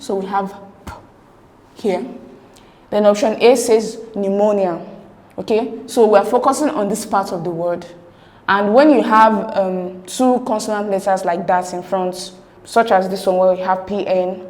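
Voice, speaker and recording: A woman's voice: mid-range voice, a little mellow. A woman explaining exam questions step by step as a tutor, reading out each option in turn. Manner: methodical, reads each option aloud.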